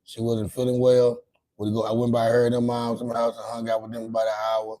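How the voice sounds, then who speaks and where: A man's voice: medium pitch, monotone, a little fast, mellow, rough recording. A man hosting a casual late-night livestream, talking in a loose, rambling and profane way, often repeating and restarting his words. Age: adult with grown children. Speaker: livestream host.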